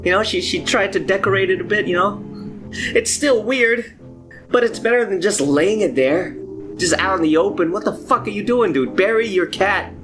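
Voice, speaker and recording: A man's voice: sits high, music in the background. A man hosting a comedic movie commentary, ranting in an exasperated, profane way. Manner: profane, exasperated, fast-talking. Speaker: host.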